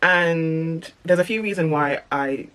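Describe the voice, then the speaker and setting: A woman from the English Midlands speaking in received pronunciation, talking casually to camera and often halting with ums, restarts and small stutters. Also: low voice, a bit bright, low-quality recording. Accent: British received pronunciation. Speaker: vlogger.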